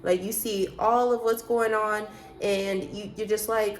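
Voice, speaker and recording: A woman's voice: medium pitch, level tone, a little slow, soft background music. A woman vlogger talking casually about faith, emphatic and preachy, with many rhetorical questions. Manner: loose, chatty, frequent fillers. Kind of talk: casual faith talk to camera.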